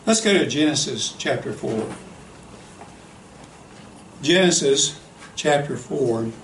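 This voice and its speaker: Guy giving a sermon, slow and heartfelt, lots of "you know", echoey hall. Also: mid-range voice, lively intonation, a little hiss or hum. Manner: slow, earnest storytelling with frequent "you know". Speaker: preacher. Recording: echoey hall, faint ambience.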